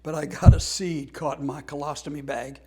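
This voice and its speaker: A man voicing his joking firefighter friend, quoted in a quiet deadpan tone. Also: a little high, normal speed, husky. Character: joking middle-aged male firefighter friend.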